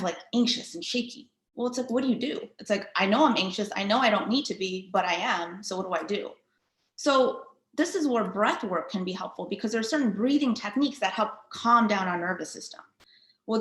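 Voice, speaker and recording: A chatty woman physical therapist leads a guided breathing exercise. She talks casually and leans on filler words as she explains. Her voice sits at an ordinary pitch in a roomy, echoing space. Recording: roomy echo.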